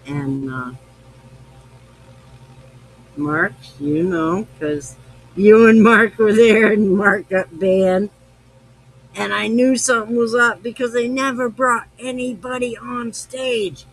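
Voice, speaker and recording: Tipsy, rambling high-voiced man. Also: fairly even intonation, slow, pauses often, low-quality recording. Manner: rambling, profane, affectionate. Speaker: podcast host. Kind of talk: casual live-stream chat.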